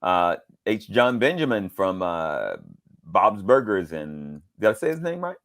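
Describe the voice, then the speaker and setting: A middle-aged man from Georgia, a voice actor being interviewed, telling animated stories and acting out quotes in different voices. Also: lowish voice, moderate pace. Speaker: voice actor guest. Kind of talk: casual interview storytelling.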